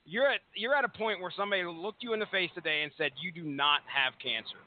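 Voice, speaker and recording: A man co-hosting a casual podcast, excitable and swearing, laughing often. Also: high voice, fast, a little hiss or hum. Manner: excitable, profane, laughs a lot. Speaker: podcast co-host. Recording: phone-like band.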